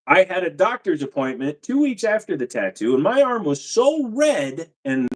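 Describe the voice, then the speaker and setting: A man chats loosely on his home livestream, talking straight to his viewers at the computer. His pitch swings widely as he jokes around. He keeps slipping into goofy put-on accents. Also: very animated, normal speed. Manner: playful, slips into silly put-on accents. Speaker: livestream host answering chat questions. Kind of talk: casual livestream chat.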